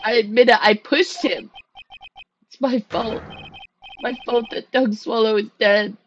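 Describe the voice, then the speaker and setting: A woman's voice: fairly high pitch, steady tone, unhurried, highs cut off, noisy background, lightly acted. A woman voicing a nervous young male defendant who talks in a strained, breaking, pleading way while reading a game aloud. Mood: desperate. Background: game music.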